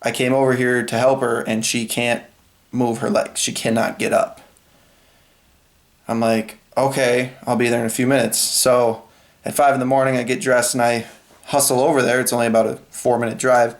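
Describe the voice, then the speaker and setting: A man's voice: medium pitch, little pitch movement, normal speed. A young man telling a personal story in a casual vlog, rambling and acting out the people he talks about. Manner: rambling, retelling a phone call and quoting others. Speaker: vlogger.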